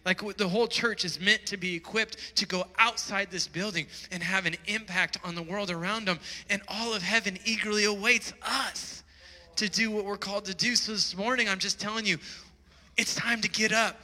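A man preaching in a church hall, his high voice carrying a long reverb. His tone is bright and forceful as he tells stories and presses his listeners with urgent calls to wake up. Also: steady tone, normal speed. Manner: storytelling, emphatic rising calls to wake up. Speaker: pastor. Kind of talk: sermon.

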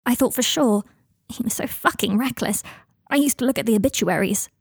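A woman's voice: on the high side, brisk, creaky, husky, no room sound, clean studio sound, exaggerated voice. A woman reading the part of a bitter, restless young man who talks in a snide, sarcastic way in an audiobook fan-fiction reading.

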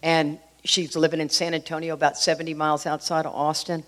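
A woman's voice: sits low, level tone, brisk. A middle-aged woman from Texas, sharing a personal recovery story in an earnest, conversational way with many fillers. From Houston, Texas.

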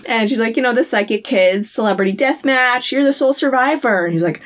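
A woman's voice: on the high side, fairly quick. Laughing woman recapping an episode. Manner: laughs often, acts out characters' lines. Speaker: podcast co-host. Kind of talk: casual chat recapping a TV episode.

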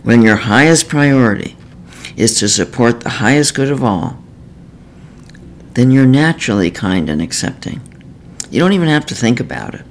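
Measured earnest man narrating. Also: medium pitch, animated, slight background noise, rough recording. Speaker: therapist author. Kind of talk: scripted self-help narration.

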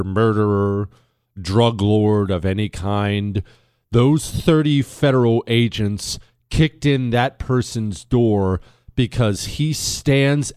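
A man hosting a talk radio show, telling a story in a dramatic monologue that swings between hushed and emphatic. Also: on the low side, clean tone, dry recording, studio quality. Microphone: studio microphone.

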